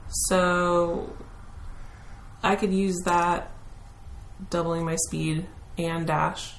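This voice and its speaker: Low, gravelly woman player. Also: level tone, drawn-out words. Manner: chatty, thinking aloud. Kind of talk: casual tabletop play. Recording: echoey room, faint noise.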